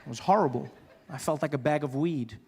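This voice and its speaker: A middle-aged man with a South African accent doing a stand-up routine, telling stories with quick asides and impressions. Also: a little high. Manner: storytelling with quick asides and mimicry. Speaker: stand-up comedian. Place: theater stage. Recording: reverberant live theater recording, faint noise.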